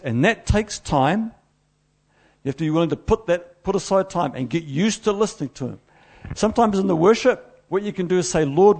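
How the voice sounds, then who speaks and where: Gravelly New preacher. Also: male voice, on the high side. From New Zealand. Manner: storytelling, animated, self-deprecating. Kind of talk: sermon.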